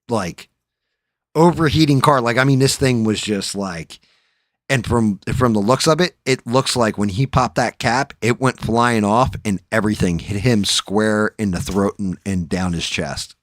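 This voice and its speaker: Profane, animated male storyteller. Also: on the low side, dry recording, studio quality. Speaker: livestream host. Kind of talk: casual storytelling chat.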